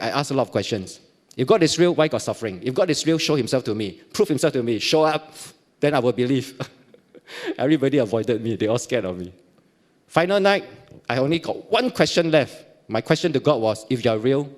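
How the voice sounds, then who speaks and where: A middle-aged man from Singapore with a Singaporean accent, giving a personal testimony at church and acting out the dialogue as he tells it. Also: medium pitch. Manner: animated storytelling, acting out dialogue, frequent laughs.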